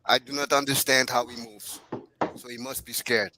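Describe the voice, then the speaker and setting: A man with a Caribbean accent calling into a show, speaking in halting, restarting sentences. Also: medium pitch, little pitch movement, noisy background. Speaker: caller. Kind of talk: casual call-in chat.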